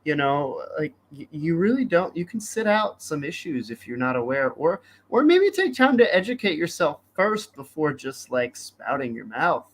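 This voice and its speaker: A man's voice: on the high side, very animated, moderate pace, hardly any pauses. A man co-hosting a political podcast in casual chat, hesitant and full of fillers. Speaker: podcast co-host.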